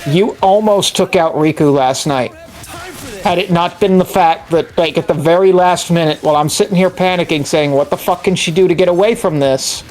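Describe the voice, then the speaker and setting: A player in a friend group chatting casually, teasing the dungeon master and swearing in a relaxed way. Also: mid-range voice, normal speed. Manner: teasing, talks over others, swears casually. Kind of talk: casual chat among friends.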